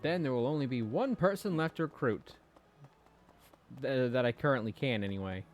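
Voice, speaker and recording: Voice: medium pitch, expressive, normal speed. A streamer giving offhand, sarcastic commentary while playing a game. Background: game music.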